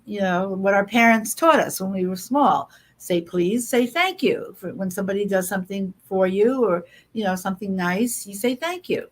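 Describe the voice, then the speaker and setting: A woman guest on an interview, speaking earnestly and emphatically with quick asides and fillers. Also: medium pitch. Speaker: guest author. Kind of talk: conversational interview.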